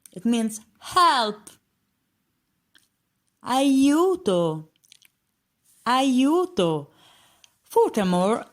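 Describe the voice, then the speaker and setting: Female language teacher with an Italian accent, a slightly low voice and a very slow, patient delivery. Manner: patient, repeats each word several times. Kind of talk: language lesson, repeating words slowly.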